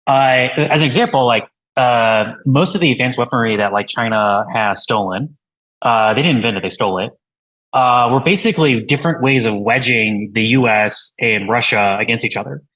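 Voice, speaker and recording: A man's voice: mid-range voice, normal speed, fairly bright tone, poor audio. A man, a tech founder and interview guest, talking casually in a rambling way with many fillers and restarts.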